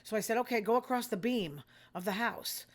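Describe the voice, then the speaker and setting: A woman's voice: fairly high pitch, a little fast. An older woman, hosting a casual monologue in a blunt, rambling, self-deprecating way. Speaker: host.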